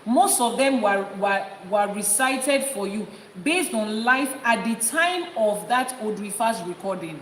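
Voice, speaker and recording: A Nigerian-accented woman delivers a spiritual lesson, leaning hard on her points and repeating them to drive them home. Her voice carries a long roomy reverb, as if spoken in a large hall. A clear layer of background noise sits under her. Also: a little high, recorded from a distance. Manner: emphatic, repeats key points for stress. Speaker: Ifa priestess and teacher. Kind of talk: spiritual teaching talk.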